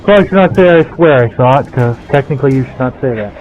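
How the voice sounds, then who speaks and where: A man's voice: mid-range voice, expressive, fast. A man talking through his work in a workshop, rambling and thinking aloud on a headset mic. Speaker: blacksmith vlogger. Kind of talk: casual workshop commentary. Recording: tinny phone-like sound, faint music.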